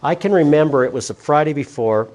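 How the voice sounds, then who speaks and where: A man's voice: fairly high pitch, fast, a little mellow. A middle-aged man, speaking earnestly as a guest speaker telling personal stories to a class. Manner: earnest storytelling, quotes others. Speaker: guest speaker, former school principal.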